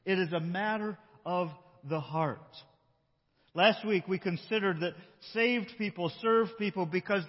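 A man pastor delivers a sermon in an easy, storytelling way, slowing down to stress his points. His voice is somewhat high and husky. It carries a long hall reverb with a dull, muffled tone. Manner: conversational, slows for emphasis.

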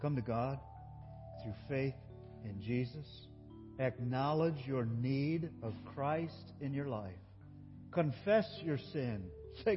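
A man preaching a sermon as a pastor, telling a story and swinging between loud emotional peaks and soft, quiet passages. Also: medium pitch, slow pace, big-room sound, dull audio, faint music behind. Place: church.

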